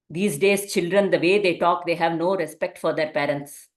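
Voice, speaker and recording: A woman's voice: lowish voice, moderate pace, hardly any pauses. A woman teaching a parenting class in a conversational way, often asking rhetorical questions.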